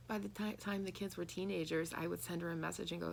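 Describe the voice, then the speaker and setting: A woman's voice: lowish voice, fairly even intonation, fast, vocal fry, few pauses, slight background noise. A woman reading tarot and channeling messages, talking earnestly and asking listeners rhetorical questions. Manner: earnest, rhetorical questions, acts out quoted voices. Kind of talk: spiritual channeling talk.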